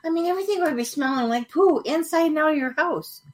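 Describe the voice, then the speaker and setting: A woman's voice: high-pitched, expressive, fast. A woman co-hosting a casual comedy chat who asks eager questions and laughs often. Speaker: podcast co-host.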